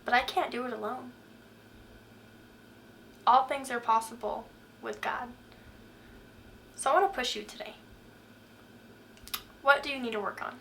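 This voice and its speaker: Bright earnest woman doing a devotional pep talk, kinda high voice, little hiss behind. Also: gravelly. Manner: earnest, questioning, preacher-like. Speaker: faith talk host.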